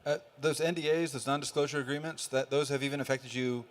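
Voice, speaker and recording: A man moderating a conference panel, asking curious questions briskly. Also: medium pitch, steady tone. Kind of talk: interview questions.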